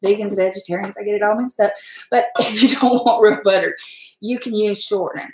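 A middle-aged woman, hosting a casual cooking stream from her home kitchen, folksy and chatty, laughing often and talking fast from nerves. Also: medium pitch, steady tone, a little mellow, a little hiss or hum. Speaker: home cook and channel host. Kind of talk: casual cooking livestream chat. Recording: echoey kitchen room.

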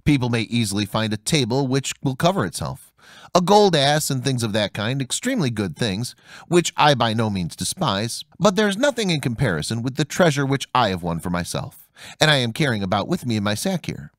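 A boastful young craftsman from a fairy tale speaks, put on by a male narrator. He talks with measured pride and lively inflection. The sound is close and dry. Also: mid-range voice, dry recording, close to an everyday voice. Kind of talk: storybook narration.

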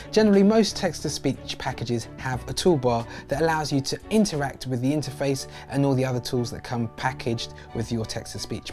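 A man's voice: mid-range voice, a little mellow. A man hosting and explaining in an upbeat tutorial voice-over. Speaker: host.

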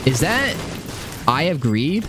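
A young man streaming a video game, swearing, repeating himself and swinging from high yelps to low mutters. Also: very animated, slow. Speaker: gaming streamer. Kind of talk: live gameplay commentary. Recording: game music behind.

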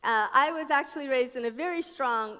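A middle-aged woman from New Jersey giving a personal testimony talk at a conference, a lively storyteller who acts out the voices she quotes. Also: high-pitched, brisk. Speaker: conference speaker. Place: conference hall stage. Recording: echoey conference hall.

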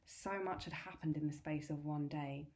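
A woman tutor reading a novel aloud, steady and clear. Her voice sits low for a woman. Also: normal speed.

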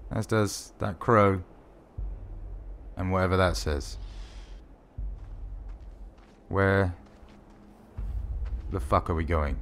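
A man giving wry, sarcastic let's-play commentary while playing a horror game, swearing often and yelling when startled. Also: sits low. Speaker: gaming video host.

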